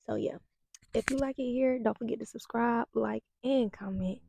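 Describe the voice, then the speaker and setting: A woman's voice: on the high side, moderate pace, gravelly, noisy background. A young adult woman vlogging as a holistic nutritionist, emphatic and preachy, repeating herself and sometimes dropping into a whisper. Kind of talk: casual vlog monologue.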